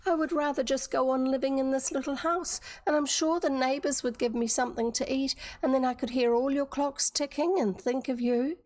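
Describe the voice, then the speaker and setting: A woman's voice: sits high, steady tone, normal speed, hardly any pauses, darkish tone, voice pushed up, lightly acted. A woman voicing a tearful, pleading little girl. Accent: New Zealand. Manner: pleading, earnest.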